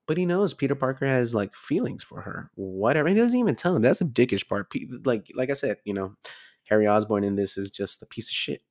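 Lowish voiced guy in his 20s going off about a movie, loose and rambly, cusses, dry recording. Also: fairly quick, dry recording. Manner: rambling, casual, swears freely. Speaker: movie review vlogger. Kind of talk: casual movie review.

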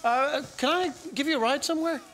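A stammering, polite teacher. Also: male voice, very high-pitched, brisk, a bit bright, faint music behind. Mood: awkward. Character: shy, polite young male schoolteacher. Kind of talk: stage play acting. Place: theater stage.

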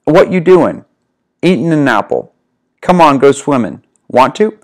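A man's voice: on the high side, very animated, unhurried. A man voicing a drawling nineteen-year-old Southern girl with a self-conscious put-on Southern accent. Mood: teasing. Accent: put-on American Southern.

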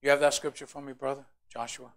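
A pastor preaching a sermon in church, swinging between quiet, low passages and loud, climbing emphasis as he acts out complaining voices. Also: level tone, quick pace. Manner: preaching with rising shouted emphasis, acting out complainers. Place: church sanctuary.

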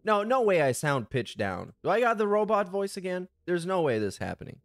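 A man's voice: sits high, sing-song, brisk, soft background music. A man hosting a casual reaction commentary, sarcastic, profane and exasperated. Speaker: commentary channel host.

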